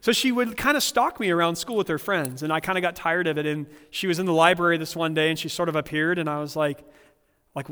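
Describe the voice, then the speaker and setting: A man's voice: fairly high pitch, fast, fairly bright tone, clear, resonant tone, in a large hall. A man pastor preaching a sermon, earnest, with humorous personal stories.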